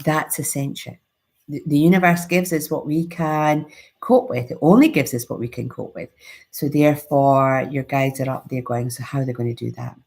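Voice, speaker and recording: A woman's voice: low-pitched, fairly even intonation, normal speed, a little mellow. A Scottish woman who teaches mindfulness, giving a reflective spiritual talk in an earnest, musing way with frequent restarts.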